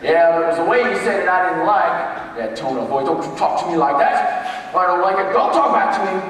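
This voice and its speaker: A man voicing a stern angry father who shouts at his son, heard in an echoey hall. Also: sits high, a little fast, slight background noise. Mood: angry scolding. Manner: shouting, demanding. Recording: echoey hall, distant mic.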